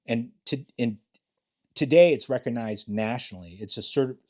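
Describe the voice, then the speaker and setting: Mellow-voiced older man telling cop stories. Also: mid-range voice, moderate pace. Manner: profane, rambling, many restarts. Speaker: retired police detective, guest. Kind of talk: casual storytelling interview.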